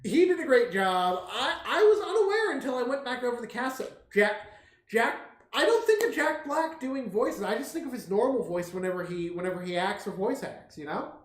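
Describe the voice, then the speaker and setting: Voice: medium pitch, big pitch swings, normal speed. A stream co-host chatting casually about a movie, rambling with many fillers. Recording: echoey room.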